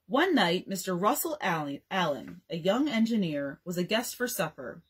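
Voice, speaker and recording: A young woman librarian reads a bedtime story expressively, giving each bit of dialogue its own voice. She speaks at medium pitch and normal speed with few pauses and a breathy edge.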